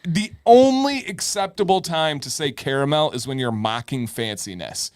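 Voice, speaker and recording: A man's voice: a little high, lively intonation, normal speed, clean tone, dry recording. A middle-aged man co-hosting a live advice stream, chatting casually and playfully arguing his point. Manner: joking, playfully argumentative. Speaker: podcast co-host.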